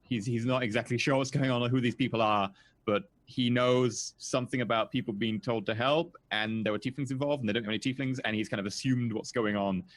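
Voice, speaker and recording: A man running a tabletop role-playing game as game master, narrating the scene in a hesitant way with frequent pauses and fillers. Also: mid-range voice, fairly even intonation. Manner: hesitant, full of ums and restarts.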